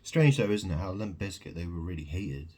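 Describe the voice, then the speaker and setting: A man's voice: sits low, lively intonation, fairly quick, mellow, slightly rough. A man delivering a rambling, agitated monologue to camera, preaching and repeating questions at the listener. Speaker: video monologue host.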